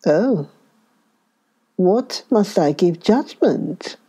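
A sorrowful old banyan tree speaks in a soft, mournful hush in a storybook tale, slow and dark-toned. A woman puts the tree on, lifting her voice a little above her own. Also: lowish voice, animated, husky, pitched above the performer's own voice, heavily acted. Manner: mournful, whispering.

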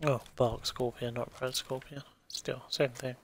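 A man's voice: medium pitch, little pitch movement, unhurried, slight background noise. A man casually commentating his own gameplay on a stream, thinking aloud and swearing freely. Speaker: game streamer.

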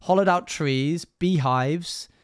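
A young man talks casually on a live stream, bouncing between his chat and a friend in the room. His voice sits a touch high, and he laughs easily and often. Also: slow pace, clean tone.

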